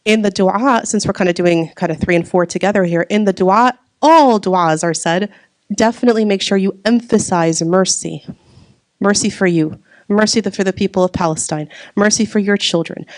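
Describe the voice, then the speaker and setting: A woman's voice: mid-range voice, normal speed, darkish tone, no echo. A woman giving a religious talk to a live audience, asking them questions and repeating key words for emphasis. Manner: asks the audience questions and waits for answers. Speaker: religious teacher.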